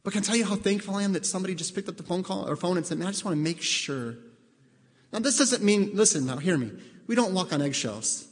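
A male pastor with a high, expressive voice preaches a sermon fast and conversationally, his words echoing in a big room. He asks the congregation direct questions and acts out both sides of conversations.

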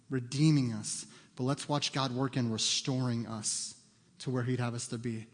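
Man preaching in a reverberant church. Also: medium pitch. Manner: earnest preaching that swells loud then drops to soft prayer. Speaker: pastor. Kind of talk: sermon and closing prayer. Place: church sanctuary.

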